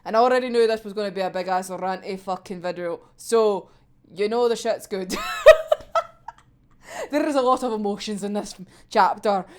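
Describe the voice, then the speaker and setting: A woman's voice: mid-range voice, normal speed. A young woman ranting casually through a manga chapter recap, swearing freely and laughing often. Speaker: manga reaction vlogger.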